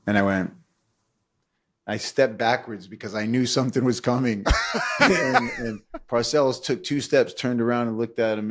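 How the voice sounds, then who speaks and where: A man's voice: lowish voice, steady tone, normal speed. A middle-aged man, a former pro football player, telling stories animatedly in casual conversation and laughing as he goes.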